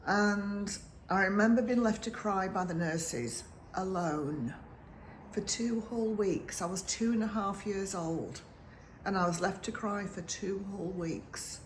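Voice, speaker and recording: A woman in her fifties from the north of England, a sleep consultant telling a personal story in an earnest, halting way that turns emotional. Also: medium pitch, a little hiss or hum. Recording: roomy echo with faint ambience.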